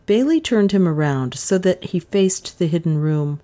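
Low, lively woman reading a mystery. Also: normal speed. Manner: dramatic, suspenseful storytelling. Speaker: audiobook narrator. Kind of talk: expressive scripted narration.

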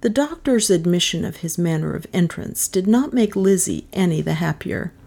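A woman reading a mystery novel aloud, expressive and rising in pitch at tense moments. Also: normal speed, vocal fry. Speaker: audiobook narrator. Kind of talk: dramatic audiobook narration.

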